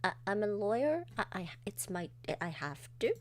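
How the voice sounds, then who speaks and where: A woman's voice: medium pitch, big pitch swings, moderate pace, lightly acted. A woman voicing a nervous young male defense lawyer who stammers. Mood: flustered.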